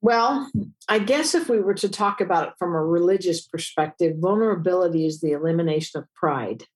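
Middle-aged woman therapist, interview guest; slightly low voice, expressive and chatty. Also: brisk. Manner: expressive storyteller, acts out dialogue with big pitch jumps. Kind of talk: interview answers.

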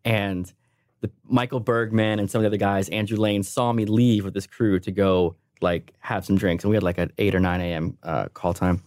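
A man in his thirties, a sound engineer guesting on a podcast, telling a funny story in a lively way and laughing often. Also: lowish voice, moderate pace, dry recording, studio quality. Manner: animated, laughing while telling stories. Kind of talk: casual storytelling.

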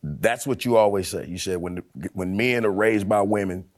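A man's voice: fairly low pitch, moderate pace. A man co-hosting a talk show who keeps challenging and pressing the other host's points. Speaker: co-host.

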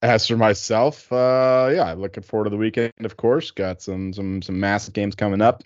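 A man's voice: lowish voice, steady tone, normal speed, a little mellow, dry recording, highs cut off. A man co-hosting a podcast, telling a story in a laid-back way, laughing and swearing as he goes. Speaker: podcast co-host.

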